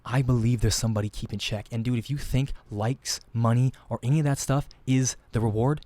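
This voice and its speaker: A man's voice: medium pitch, fairly even intonation, fairly quick, dark tone, no room sound. A man hosting a podcast in casual chat, earnest and rambling, often repeating and restarting his words. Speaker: podcast host.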